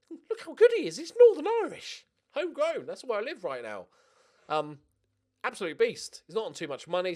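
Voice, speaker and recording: A young man hosting a gaming channel, talking through his game in casual, jokey let's-play commentary and swearing now and then. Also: medium pitch.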